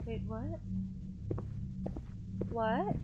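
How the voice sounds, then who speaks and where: A woman's voice: fairly high pitch, animated, very slow, narrow, tinny audio, very noisy. A woman streaming a horror game, frightened, shrieking exclamations and slangy casual commentary over a headset. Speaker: gamer streamer. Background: eerie game music.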